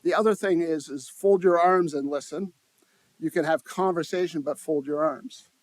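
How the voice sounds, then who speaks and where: A man's voice: a little high, normal speed, no echo. A man giving a live talk at a conference, speaking conversationally, restarting phrases and putting questions to the audience. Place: conference room.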